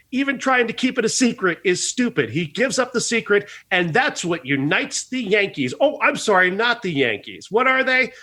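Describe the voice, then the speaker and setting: A man's voice: sits high, sharp tone. A man co-hosting a movie review podcast, ranting with swearing and frequent laughter. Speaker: podcast co-host. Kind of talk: casual movie review chat.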